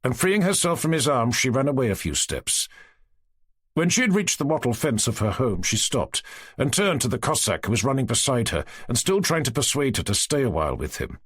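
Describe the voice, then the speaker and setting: Give me an expressive male narrator reading a classic novel, husky and dry. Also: mid-range voice, fairly quick, no room sound. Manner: expressive, storytelling. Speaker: audiobook narrator. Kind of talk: scripted narration.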